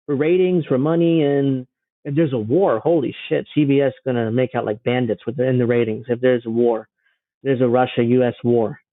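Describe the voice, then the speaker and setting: A man's voice: mid-range voice, fairly even intonation, normal speed, dry recording. A man giving casual, sarcastic reaction commentary on a news clip, mocking and swearing freely. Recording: dry, phone-like narrow sound.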